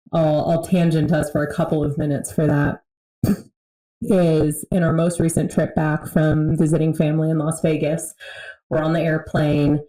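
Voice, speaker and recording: A woman's voice: low voice, mellow, reverberant, rough recording. A woman in a casual podcast conversation, telling a candid story about her family and laughing often. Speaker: podcast conversation partner, mother.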